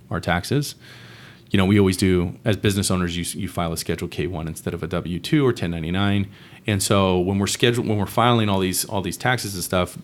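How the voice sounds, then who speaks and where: A man talking as a guest on a podcast, laid-back and slangy, often saying dude and bro. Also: deep voice. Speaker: guest, real estate investor. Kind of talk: casual podcast conversation.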